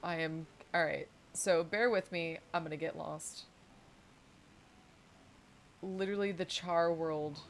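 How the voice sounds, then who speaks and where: Giggly woman streamer, chatty while gaming; slightly low voice, faint noise behind. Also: steady tone, slow, long pauses. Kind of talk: casual chat while gaming.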